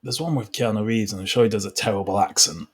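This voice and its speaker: A man's voice: lowish voice, fast talker, slightly rough. A man from Britain co-hosting a podcast live, chatting casually with a wry, sarcastic humor and frequent laughs. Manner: wry, sarcastic, laughs through his lines. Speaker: podcast co-host. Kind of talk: casual chat. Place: live online podcast recording.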